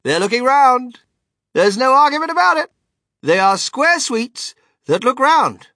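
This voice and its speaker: A reader voicing an eccentric, excitable candy maker who talks in loud, high exclamations and brushes others off rudely. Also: moderate pace, husky, no echo, studio quality. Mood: triumphant. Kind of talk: audiobook character voice.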